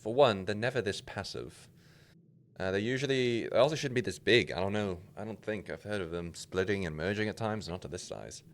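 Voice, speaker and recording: A man's voice: lowish voice, brisk, close to an everyday voice. A man voicing a blunt, practical male goblin companion in a video game, with game music behind. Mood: puzzled.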